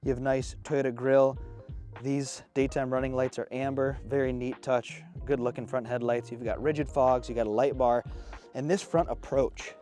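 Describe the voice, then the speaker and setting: A man's voice: medium pitch, moderate pace, soft background music. A man in his thirties giving an enthusiastic, casual walkaround review of a new truck outdoors, a bit out of breath. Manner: enthusiastic, excitable. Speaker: off-road vehicle reviewer.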